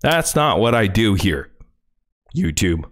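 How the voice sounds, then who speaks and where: A man's voice: on the low side, big pitch swings, slow pace, a bit bright. A man livestreaming, ranting furiously and confrontationally, full of profanity. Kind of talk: angry livestream rant.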